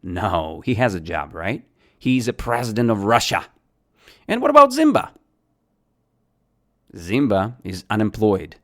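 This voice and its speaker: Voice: mid-range voice, sing-song, measured pace, pauses often. An English teacher giving a podcast lesson, asking simple questions and answering them, repeating key words.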